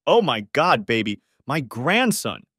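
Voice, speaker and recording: A man reading an audiobook, voicing an older mother who scolds sharply and loudly. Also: medium pitch, sing-song, moderate pace, no echo, clean studio sound. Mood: shocked. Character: older mother, fierce and protective.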